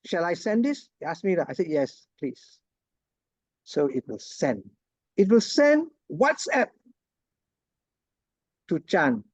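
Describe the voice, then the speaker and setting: A man's voice: on the high side, wildly swooping pitch, takes it slowly, long pauses, slightly rough, no room sound. A man giving a casual online lecture, chatty and laughing often, checking in with his students. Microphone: video call.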